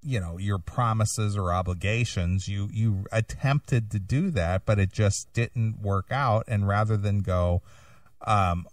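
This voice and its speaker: A man's voice: lowish voice, slow pace, no room sound, studio quality, recorded from a distance. A man hosting a casual radio talk show, blunt and probing, repeating points for emphasis. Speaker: host.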